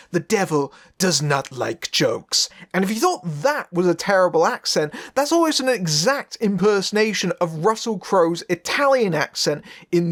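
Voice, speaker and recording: A man's voice: high-pitched, fairly bright tone. A man narrating a scripted film review in a sardonic, wry way.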